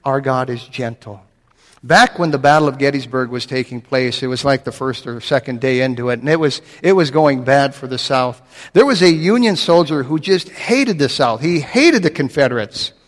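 Male preacher with a slightly high voice, earnest sermon delivery, long church reverb. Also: fairly bright tone. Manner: earnest preaching, slows and drops low on scripture quotes.

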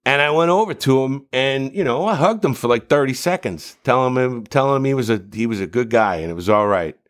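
A middle-aged man telling stories in a casual podcast chat, rambling and profane, with animated bursts. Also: mid-range voice, a little fast. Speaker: voice actor guest.

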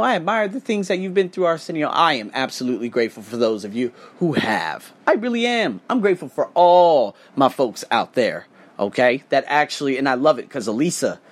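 A young American man with a casual, slangy, profane delivery, hosting a podcast monologue about his work as a teacher abroad. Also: medium pitch. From United States. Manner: animated, profane, street slang. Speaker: podcast host.

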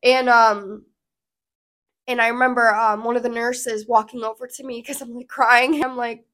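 Woman vlogger, slightly high voice, earnest and emotional casual storytelling to camera. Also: steady tone, normal speed, fairly bright tone.

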